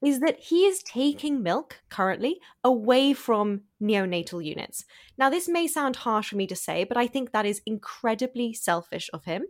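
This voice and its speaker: A woman's voice: a little high, big pitch swings, normal speed. A woman co-hosting a podcast, talking in a blunt, indignant way and swearing now and then. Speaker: podcast co-host. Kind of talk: casual review chat.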